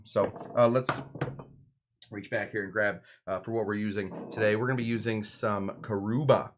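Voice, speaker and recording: A man with a low-pitched voice hosts a casual cocktail livestream from his home bar. He rambles through the recipe with constant "uh"s, asides and self-deprecating jokes, chatting to viewers as he works. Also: steady tone, normal speed. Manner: rambling, filler-heavy, self-deprecating joking. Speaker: cocktail show host. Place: home bar in Los Angeles.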